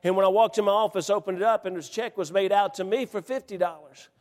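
A middle-aged man preaching a sermon as a folksy story, repeating words and building up to shouts. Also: high-pitched, steady tone, fast. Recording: long hall reverb.

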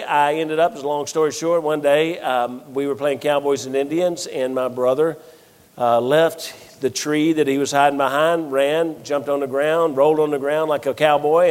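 A middle-aged man preaching a sermon, telling funny family stories with animated delivery and acting out the voices of the people he quotes. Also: fairly high pitch. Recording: long reverb of a large hall.

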